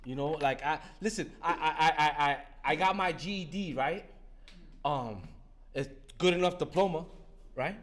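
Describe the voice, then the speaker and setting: A blunt older man from New York shares at a recovery meeting, profane and joking, with halting restarts. His voice is a little high and a bit bright.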